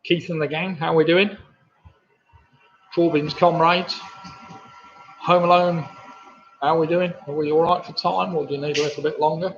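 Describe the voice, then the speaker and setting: A man's voice: a little high, fairly even intonation, normal speed, long pauses, a bit bright, a little hiss or hum. A man hosting a live pub quiz, reading questions with chatty, jokey asides. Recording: dull lo-fi stream audio.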